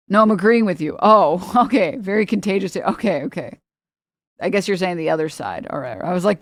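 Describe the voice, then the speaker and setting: A woman's voice: medium pitch, normal speed, no echo, clean studio sound. Blunt, profane woman streamer. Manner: blunt, profane and opinionated, laughs often. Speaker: livestreamer. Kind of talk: casual livestream chat with viewers.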